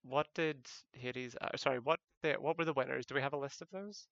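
A man's voice: mid-range voice, a little fast, gravelly, fairly bright tone, no echo, dull audio. A man co-hosting a gaming podcast, enthusiastic and sweary in casual chat.

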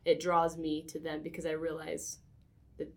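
A woman's voice: deep voice, completely flat delivery, normal speed. Woman co-host, casual chat. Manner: casual, uses "like" often, laughs along. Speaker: podcast co-host. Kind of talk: casual conversation.

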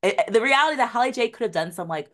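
A woman's voice: a little high, fast talker. A young woman casually recapping a TV episode, full of "like" and "um", laughing often and acting out the characters' lines. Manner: animated, acts out characters' lines mid-story; laughs often, many likes and ums. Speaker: podcast co-host recapping a TV episode. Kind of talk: casual chat.

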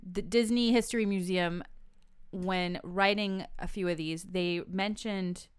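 Woman running a trivia game on a podcast, smooth clear voice, dry sound. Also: fairly low pitch, steady tone, unhurried, dry recording. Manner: laughs easily, playful quizzing. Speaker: podcast host.

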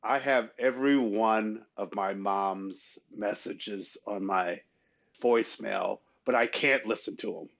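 A man's voice: slow pace, creaky, fairly bright tone, muffled recording. A man co-hosting a casual chat show, telling personal stories earnestly and acting out quoted voices. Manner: earnest storyteller, acts out quoted voices with rising pitch. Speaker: podcast co-host.

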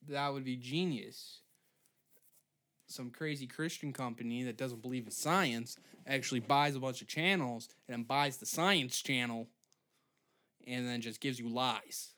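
A man's voice: mid-range voice, slow, long pauses, fairly bright tone. Profane ranting young man. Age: 20s. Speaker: podcast host. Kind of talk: solo comedic rant.

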